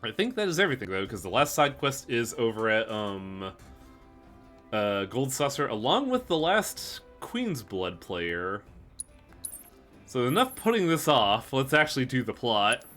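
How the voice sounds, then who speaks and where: Over game music, a man offers casual gameplay commentary while streaming, joking around and swearing a lot. His medium-pitched voice is sing-song and a bit bright, moving at a measured pace.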